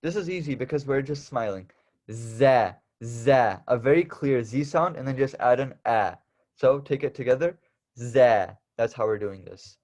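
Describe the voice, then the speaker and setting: A man's voice: mid-range voice, fairly quick, a little mellow. A young man teaching the Arabic alphabet in a casual lesson, patiently repeating and stressing each letter sound.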